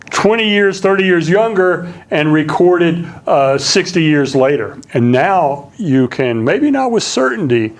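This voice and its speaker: A man with a slight Southern accent giving a public lecture as a linguistics professor. He talks conversationally, with many fillers and restarts. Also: fairly high pitch.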